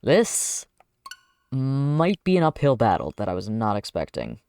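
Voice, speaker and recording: Man streamer, unhurried giggly commentary, mid voice, soft game music behind. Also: medium pitch, huge pitch swings, vocal fry, clear, resonant tone. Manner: giggly, thinks aloud with restarts. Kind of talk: casual gameplay commentary.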